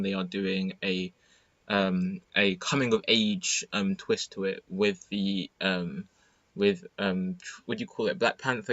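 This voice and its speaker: A teenage boy giving an excited, rambling movie review full of fillers and restarts. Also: lowish voice, no echo, highs cut off. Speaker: student vlogger. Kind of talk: casual movie review monologue.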